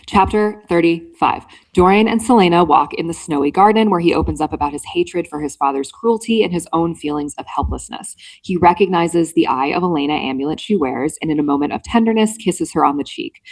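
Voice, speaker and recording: A woman's voice: fairly low pitch, animated, brisk, a little mellow. A woman hosting a book club podcast, casually summarizing chapters with lots of "um" and "like". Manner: summarizes chapters with filler "um" and "like", chatty. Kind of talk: casual book recap chat.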